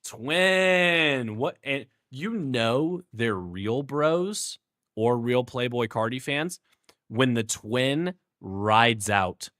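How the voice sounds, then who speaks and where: A man's voice: mid-range voice, lively intonation, extremely slow, a bit bright. A playful, goofy young man with a Houston accent, chatting casually with his stream viewers in heavy slang and laughing often.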